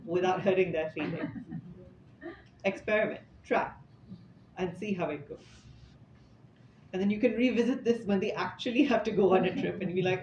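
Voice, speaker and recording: A man with a high-pitched, darkish voice talks fairly quickly, telling stories in a conversational, chatty style with casual asides. The setting is an informal scripture talk in an indoor room with an audience, and the recording sounds echoey and slightly dull with faint noise.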